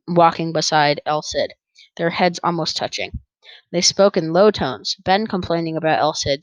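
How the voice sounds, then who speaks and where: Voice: medium pitch, a bit bright, no room sound, poor audio. An audiobook narrator reading a first-person story in an easygoing way, with small stumbles and rereads.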